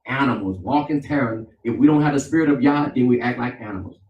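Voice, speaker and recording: A man, a pastor preaching a sermon with call and response. He swings between loud, emphatic lines and softer ones. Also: mid-range voice, fast talker, lo-fi sound. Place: church sanctuary. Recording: echoey church, mic at a distance.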